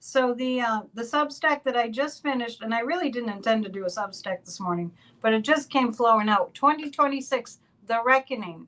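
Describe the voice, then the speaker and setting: A woman's voice: a little high, brisk, hardly any pauses, a bit bright, poor audio. A woman hosting a casual spiritual podcast, chatty and laughing between remarks. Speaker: psychic podcast host.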